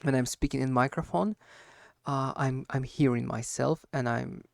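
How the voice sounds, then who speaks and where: Hesitant gravelly man, slight wheeze. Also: medium pitch, steady tone, normal speed, darkish tone, dry recording, clean studio sound. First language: not English. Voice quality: slight wheeze, harsh edge. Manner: hesitant, many fillers and self-corrections. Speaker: language learner. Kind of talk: solo speaking practice monologue.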